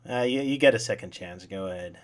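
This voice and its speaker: A man's voice: sits low, quick pace. A man hosting a casual live-stream chat, talkative and joking, with frequent hesitant fillers. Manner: chatty, laughs often, hesitant fillers. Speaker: podcast host.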